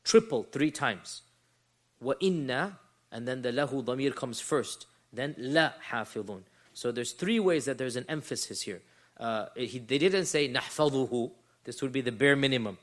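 A man lecturing a class on scripture, explaining slowly, repeating phrases and reciting in Arabic. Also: mid-range voice. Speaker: teacher of Quran commentary.

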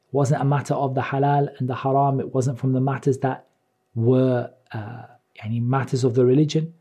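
A man giving a religious lecture. He reads lines of Arabic, then translates and explains them in English at a measured pace, repeating phrases as he goes. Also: medium pitch, mellow, husky. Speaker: Islamic teacher.

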